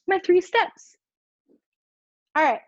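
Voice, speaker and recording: A woman's voice: very high voice, lively intonation, drawn-out words, no room sound, dull audio. A young woman coach giving a casual live-streamed talk, full of "like" and asides to viewer comments. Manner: casual, filler-heavy, reacts to live comments. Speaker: food freedom coach. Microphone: earbuds.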